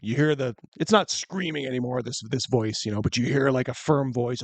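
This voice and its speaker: A man's voice: mid-range voice, brisk, dry recording. A man narrating as game master of a tabletop game, loose and chatty, laughing often.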